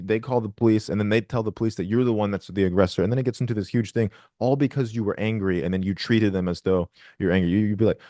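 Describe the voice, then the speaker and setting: A man's voice: lowish voice, a little mellow, no echo, studio quality. A man coaching a group on a call, blunt and profane, who acts out quoted voices. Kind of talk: casual coaching talk on a call.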